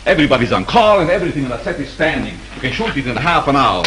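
Calm, authoritative male studio boss, animated delivery, actor, vintage film. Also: medium pitch, very fast, background noise, close to an everyday voice. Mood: decisive. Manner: calming, decisive. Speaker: studio executive.

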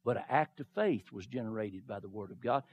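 A man preaching a sermon, acting out the figures of the stories he retells and swinging from low murmurs to shouted declarations. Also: lively intonation, brisk, lo-fi sound. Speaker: pastor.

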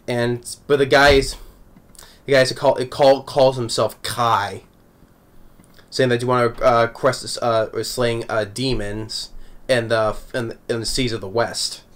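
A man's voice: mid-range voice, little pitch movement, unhurried. A man recapping an anime episode in a casual, rambling way, chuckling often between thoughts. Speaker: anime reviewer.

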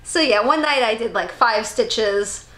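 A woman's voice: fairly high pitch, measured pace, fairly bright tone. A middle-aged woman chatting casually as a podcast co-host, telling stories with lots of giggles and acting out the voices of others. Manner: giggly storyteller, acts out quoted voices. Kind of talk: casual chat. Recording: echoey room.

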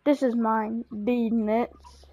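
A woman's voice: on the high side, fairly even intonation, drawn-out words, dark tone, dull audio. A woman chatting over her gameplay, apologizing a lot and swearing at the game, her voice now and then cracking. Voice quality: voice keeps cracking. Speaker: gamer. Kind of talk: live gameplay commentary.

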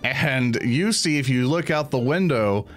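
A man's voice: medium pitch, lively intonation, unhurried, soft background music. A man narrating a tabletop game as game master, rambling and often laughing.

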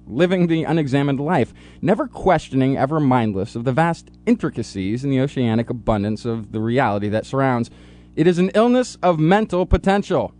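Man, playful radio co-host, dramatic delivery, animated pitch, studio talk. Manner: playful, jokey, dramatic readings. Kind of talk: radio science talk show.

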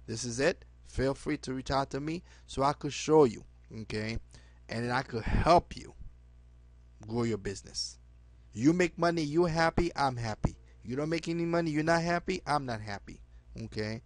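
A man giving a webinar pitch to friends and followers, pleading and repetitive, ending almost every phrase with "okay?", in slightly broken phrasing. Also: moderate pace, dry recording. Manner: non-native phrasing with dropped words. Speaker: network marketer addressing his team. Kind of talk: direct-to-camera webinar pitch.

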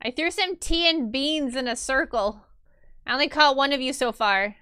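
A woman's voice: high voice, normal speed, sharp tone, no echo, studio quality. A woman live streamer chatting casually while she draws. She reads viewer messages aloud, answers them playfully and laughs easily.

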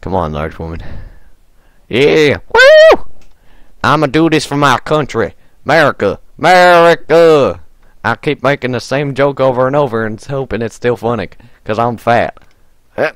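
A man's voice: mid-range voice, huge pitch swings, moderate pace, fairly bright tone, dry recording. A man giving goofy let's-play commentary, talking to the game character and repeating his own jokes. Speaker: gaming video host.

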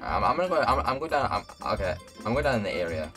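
Excitable young man gaming with friends. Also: on the low side, quick pace, faint music behind. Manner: loud, laughing, swearing, excitable. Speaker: gamer. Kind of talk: casual gaming chat.

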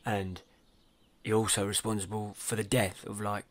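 A man's voice: lowish voice, flat delivery, moderate pace, no room sound, close to an everyday voice. A man voicing Ed, a crude British bloke. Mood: insulting. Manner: blunt and foul-mouthed, says "mate" constantly. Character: crude, laid-back adult man scooter rider. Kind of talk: animated comedy dialogue.

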